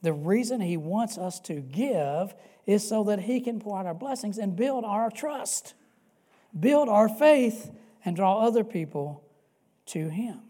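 A male pastor delivering a sermon earnestly, swinging between loud emphatic peaks and soft hushed passages and repeating key phrases for emphasis. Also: high voice, expressive, a little slow.

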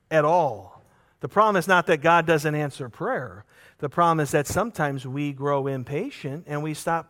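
A man preaching a sermon, telling a parable with lively acted-out voices and earnestly urging his listeners with repeated questions. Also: a little high. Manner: animated storytelling, acting out characters in the parable.

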